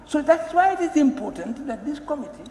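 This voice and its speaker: High-pitched man in an echoey chamber. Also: very animated, fairly quick, warm tone, a little hiss or hum. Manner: emphatic, pleading, repeats and restarts words. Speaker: member of parliament. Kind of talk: parliamentary speech. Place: parliament chamber. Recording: echoey chamber with long reverb.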